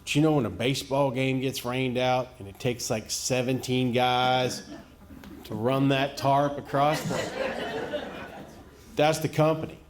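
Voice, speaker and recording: A middle-aged man from the rural United States doing a stand-up comedy set, telling folksy, deadpan stories and chuckling at his own punchlines. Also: mid-range voice, measured pace, slight background noise. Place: comedy venue stage before a live audience. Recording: echoey live venue with loud audience laughter.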